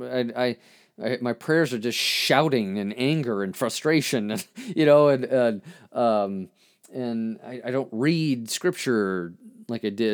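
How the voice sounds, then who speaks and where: A man hosting a podcast, reflecting earnestly on his own poem in a halting way, with many restarts and fillers. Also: mid-range voice. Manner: earnest and searching. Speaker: podcast host and therapist.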